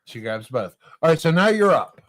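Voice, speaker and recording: A man hosting a casual bar-show chat, telling a drawn-out hypothetical with lots of swearing. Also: a little high, dry recording. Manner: profane, animated storytelling. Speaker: podcast host.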